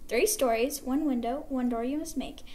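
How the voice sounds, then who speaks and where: A woman voicing God as a stern, commanding male figure, speaking in measured rhyming pronouncements in a storybook tale. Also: sits high, a little mellow, lightly acted. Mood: solemn.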